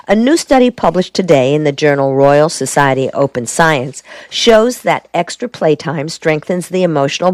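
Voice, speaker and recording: A man reading a detective novel and an article aloud in a steady, measured way. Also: on the high side, no room sound. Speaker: reader. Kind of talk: audiobook reading.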